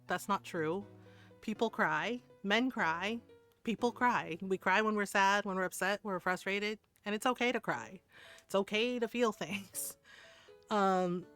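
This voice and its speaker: A woman livestreamer chatting casually with her viewers, answering chat and telling stories with frequent laughs. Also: mid-range voice.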